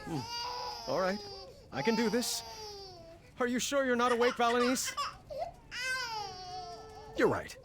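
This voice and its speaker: A man's voice: very high voice, big pitch swings, measured pace, pauses often, noisy background, heavily acted. A man voicing a flustered, clumsy young father king who fumbles and mocks himself, in video game voice acting. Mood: frazzled. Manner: fumbling, self-mocking, exclaiming. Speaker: game character.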